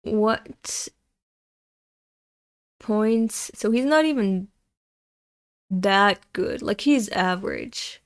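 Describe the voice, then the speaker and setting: Slow-talking, profane woman streamer from Europe. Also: medium pitch, lively intonation. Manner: blunt, profane ranting. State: angry. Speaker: streamer reading a manga aloud. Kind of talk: live-stream reading with commentary.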